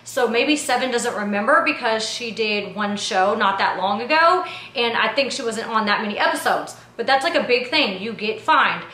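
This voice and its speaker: A woman telling a behind-the-scenes story to camera in a casual recap, talking in an animated, indignant way full of slang like "yo" and "like". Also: on the high side, normal speed, few pauses. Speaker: reality TV personality and producer. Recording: echoey room.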